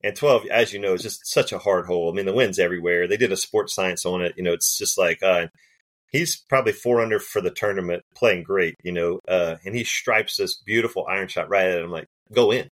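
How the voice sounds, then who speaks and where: A man, a golf caddie and podcast guest, telling stories in a relaxed, chatty way and acting out the voices of people in his stories. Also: deep voice, fairly quick. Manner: animated, laughs often, acts out quoted voices. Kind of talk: casual storytelling.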